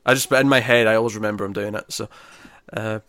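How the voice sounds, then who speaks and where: A man's voice: on the low side, steady tone, fast, a bit bright, dry recording. A man co-hosting a casual movie-ranking chat, talking enthusiastically, laughing often and restarting his sentences. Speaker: podcast co-host ranking movies.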